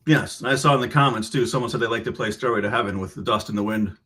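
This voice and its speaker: A man's voice: on the low side, quick pace, bright, forceful tone, slight background noise. A man who teaches guitar, explaining rhythm and counting subdivisions aloud while checking in with the listener. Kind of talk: explaining and demonstrating a lesson. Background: guitar playing.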